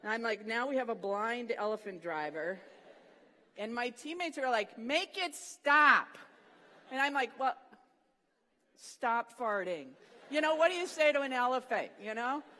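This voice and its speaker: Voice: medium pitch, normal speed, long reverb tail. A speaker at a morning session of a Christian student program, telling a funny story in a devotional talk and acting out the quotes. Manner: animated storyteller, acts out the quotes.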